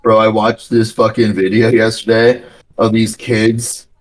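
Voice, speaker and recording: A man's voice: on the low side, measured pace. A young man on a live trading stream, chatting casually and telling rambling, slangy stories. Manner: rambling, slangy, animated storytelling. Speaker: day trader streaming live. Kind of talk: casual chat.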